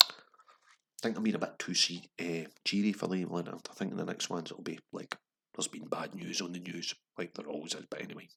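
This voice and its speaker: A man's voice: low voice, measured pace, vocal fry, pauses often, bright, forceful tone, breathy edge. A Scottish man hosting a casual pub quiz, rambling and swearing through wry asides between questions.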